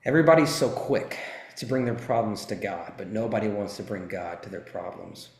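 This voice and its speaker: A man's voice: fairly low pitch, fairly quick, echoey room. A man in his thirties giving an intense, emphatic motivational talk, telling a personal story and swearing freely. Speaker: motivational speaker.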